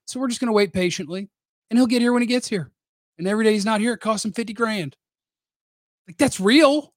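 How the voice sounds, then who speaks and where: A man's voice: high-pitched, no room sound, clean studio sound. A man hosting casual live-stream sports commentary, blunt and opinionated with a rambling delivery. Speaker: sports radio host.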